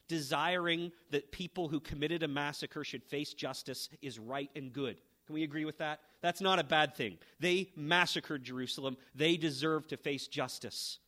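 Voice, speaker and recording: Preaching with emphasis, a middle-aged pastor delivers a sermon that climbs to fervent highs and then sinks to a hushed, low tone.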